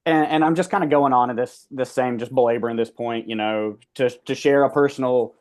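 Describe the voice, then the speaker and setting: Male player, mid pitch, rambling speechmaker. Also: steady tone, fairly quick. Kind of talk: tabletop role-play.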